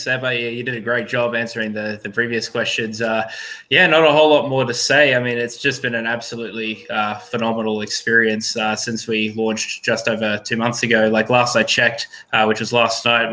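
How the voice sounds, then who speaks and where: Upbeat Australian man, bright flat voice. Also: medium pitch. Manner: upbeat, rambling with many fillers. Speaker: guest, startup team member. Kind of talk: casual interview answers.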